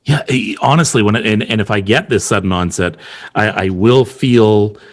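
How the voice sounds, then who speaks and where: A man's voice: lowish voice, moderate pace. A man hosting a podcast conversation, speaking reflectively and often repeating words as he searches for them. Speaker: podcast host.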